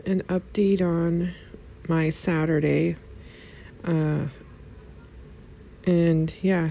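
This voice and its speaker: A woman vlogging, telling a personal story to her viewers in an indignant, animated way with quick asides. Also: lowish voice, creaky, slight background noise. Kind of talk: casual storytelling to camera.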